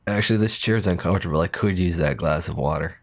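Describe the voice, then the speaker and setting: Low-voiced man streaming a game. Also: fast talker. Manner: relaxed, joking, reads dialogue choices aloud. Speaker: streamer playing a video game. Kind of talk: casual live-stream commentary.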